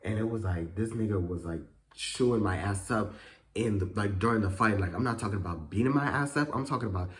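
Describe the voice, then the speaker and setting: A man telling a story in a casual vlog, animated and profane, full of slang and fillers, jumping into high voices to act out quotes. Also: brisk, slight background noise. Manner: acts out quotes with sudden high pitch jumps.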